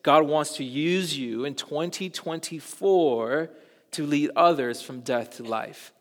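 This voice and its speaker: A young adult man, a pastor, telling a personal story in a casual, animated sermon style and acting out bits of dialogue. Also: on the high side, slow. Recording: long reverb of a large hall.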